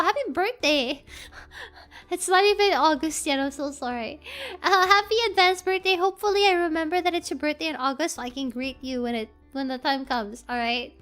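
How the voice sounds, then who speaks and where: A woman's voice: very high voice, a bit bright. A woman from the Philippines, chatting casually on a stream as a VTuber. She is tired and half asleep, rambling playfully while reading chat aloud.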